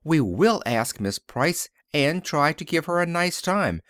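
A man reading the part of a bright, warm-hearted young woman in a storybook, speaking briskly and eagerly. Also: a little high, very animated, dry recording, studio quality, voice pushed up.

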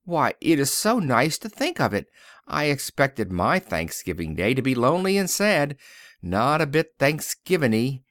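A man reading the part of a shy, lonely young schoolteacher in a storybook, speaking softly and timidly. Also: medium pitch, very animated, unhurried, no echo, studio quality.

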